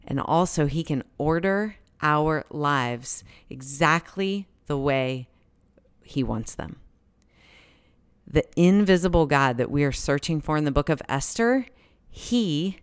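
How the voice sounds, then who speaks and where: A woman in her thirties giving a sermon-style Bible teaching, telling a story with lively swings between excitement and hushed moments. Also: deep voice.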